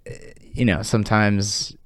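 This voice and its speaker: A young man co-hosting a college radio talk show in casual chat, relaxed and full of fillers. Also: on the low side, unhurried, no echo, clean studio sound. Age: young adult. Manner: relaxed, filler-heavy, laughs often. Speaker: co-host.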